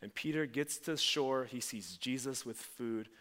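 A man's voice: mid-range voice, measured pace, bright, forceful tone. A man preaching a sermon and animatedly acting out quoted voices as he talks to the congregation. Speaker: pastor. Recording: long reverb of a large hall.

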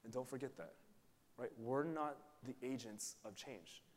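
A man's voice: mid-range voice, unhurried. A man preaching a sermon to his church in a casual, joking, conversational way, often checking in with "right?". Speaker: pastor. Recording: long hall reverb.

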